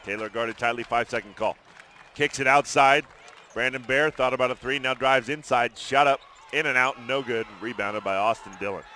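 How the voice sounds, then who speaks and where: A man calling play-by-play of a high school basketball game in brisk, chatty commentary from an arena booth. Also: bright, forceful tone, some chatter behind, a little hiss or hum. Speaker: play-by-play announcer.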